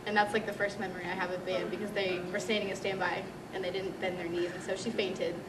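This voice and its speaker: A chatty teen girl recounts a band memory with plenty of fillers. She speaks from across an echoey room, away from the mic. Clear background noise runs underneath. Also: mid-range voice, level tone, fast talker, far from the mic. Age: teens. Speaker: senior band student. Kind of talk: casual group interview.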